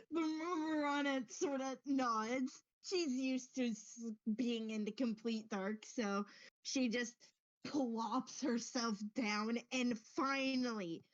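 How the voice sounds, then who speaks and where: High-voiced woman running a tabletop game, slow and giggly, kinda dull dry mic. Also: no room sound. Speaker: game master.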